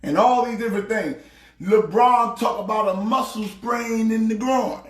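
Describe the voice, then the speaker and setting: A man doing a shouting high-pitched pastor. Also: normal speed, reverberant, lightly acted. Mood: ranting. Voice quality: preachy, shouting rant. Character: loud excitable male pastor sports fan. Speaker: comedic sports pastor character. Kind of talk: comedic sports rant.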